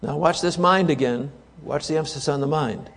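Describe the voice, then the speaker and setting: A man's voice: a little high, brisk, a bit bright, long reverb tail. A man preaching a sermon to a congregation, emphatic, repeating key words and asking the audience rhetorical questions.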